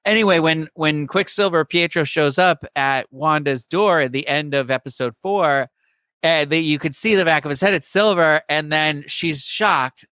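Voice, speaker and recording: Bright, clear-voiced man chatting eagerly. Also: on the high side, normal speed, no echo. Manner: enthusiastic, rambling fan explanations. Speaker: podcast co-host. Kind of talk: casual podcast chat.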